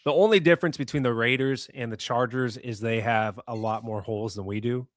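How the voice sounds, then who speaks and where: A man's voice: medium pitch, fairly quick, no echo, studio quality. Casual man hosting a sports podcast. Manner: conversational, reads listener comments. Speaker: podcast host.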